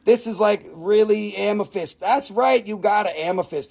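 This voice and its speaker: Excitable high-pitched gravelly man. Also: normal speed. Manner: excitable, swears freely, laughs often; non-native English grammar. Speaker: host selling crystals on a live stream. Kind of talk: casual live sales chat.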